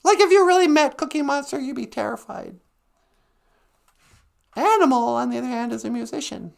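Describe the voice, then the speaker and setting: Live stream host, female: high, slow, gravelly, rambling comic chat. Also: animated. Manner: rambling, joking, breaks into laughs and sung snippets. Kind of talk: casual comedic chat.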